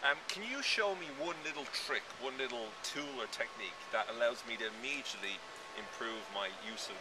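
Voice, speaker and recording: A man of middle pitch hosts an interview with an upbeat, encouraging manner. He steers the talk with clear questions. Traffic and street sounds come through clearly from the outdoor setting. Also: animated, a little fast. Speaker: host. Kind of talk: blog interview. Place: outdoors in an urban area.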